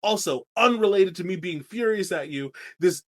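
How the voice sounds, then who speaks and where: A man hosting a podcast, recapping a book in animated, playful casual chat. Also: high voice, normal speed. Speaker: podcast host.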